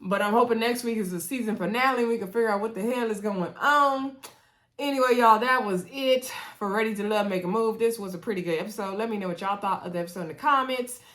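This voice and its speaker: A woman's voice: a little high, fast, fairly bright tone. Chatty woman recapping a reality show. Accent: African American English. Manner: chatty, retells scenes with quoted voices and asides to viewers. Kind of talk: casual recap monologue.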